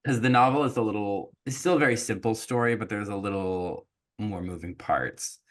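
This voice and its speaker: A man's voice: lowish voice, fairly bright tone. A man hosting a podcast, recapping a film in casual chat with jokes and laughter. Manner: chatty, joking, quick to laugh. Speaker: podcast host.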